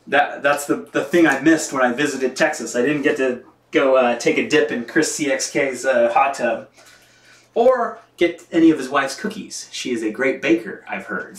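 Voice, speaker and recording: A chatty man from the United States with an everyday mid-range voice, laughing easily as he reads out viewer comments on a live stream. The sound is roomy, with a clear echo around him. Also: medium pitch. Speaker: mountain bike vlogger washing his bike on a live stream. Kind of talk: casual live-stream chat.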